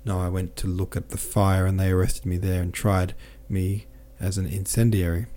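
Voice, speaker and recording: A man reading a subdued gentleman prisoner. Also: sits low, flat delivery, normal speed, natural voice. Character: troubled male prisoner, a gentleman. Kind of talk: audiobook reading.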